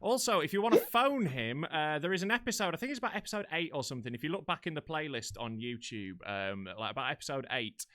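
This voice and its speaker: A British male host chats loosely on a video call, trading sweary jokes with his guests. His voice is bright and crisp and sits a little high. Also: animated, quick pace, hardly any pauses. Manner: sweary, laid-back banter. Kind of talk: casual chat. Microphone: video call from home.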